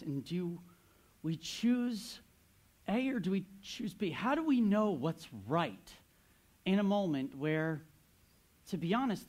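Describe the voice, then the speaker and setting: A man's voice: a little high, a little mellow. A man in his thirties, a pastor giving a sermon, telling a story with playful asides to the congregation.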